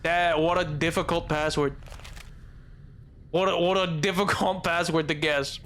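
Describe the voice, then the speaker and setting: A young man streaming a game live, rambling and excitable, laughing often. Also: on the high side, measured pace.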